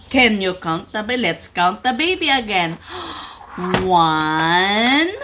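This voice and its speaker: A woman using slow, sing-song baby talk as she coaxes a toddler through words and counting. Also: fairly high pitch, noisy background. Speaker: parent teaching a toddler.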